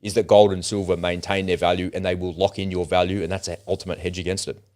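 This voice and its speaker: A man's voice: low voice, flat delivery, fast, darkish tone. A man co-hosting a casual livestream, talking bluntly and animatedly, with frequent swearing. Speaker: co-host.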